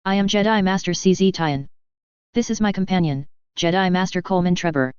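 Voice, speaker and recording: A calm, diplomatic knight-master, read by a woman, courteous and measured. The voice is lowish and clean. The recording is dry and slightly dull. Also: smooth, no echo, natural voice.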